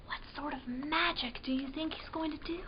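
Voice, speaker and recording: A woman librarian reading a picture book aloud at storytime, slow and expressive, asking the listening children questions. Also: high-pitched, highs cut off, noisy background.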